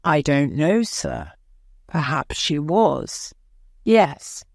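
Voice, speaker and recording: A woman's voice: low-pitched, big pitch swings, extremely slow, creaky, no echo, clean studio sound, exaggerated voice. A woman voicing a nervous male airport policeman giving hesitant, polite answers in court. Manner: hesitant, deferential, adds "sir".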